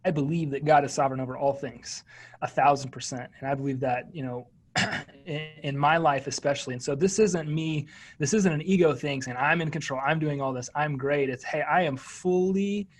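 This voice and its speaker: Earnest male guest, raised pitch, sincere and emphatic. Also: moderate pace. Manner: earnest, emphatic, repeats words. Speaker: entrepreneur guest. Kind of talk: interview answers.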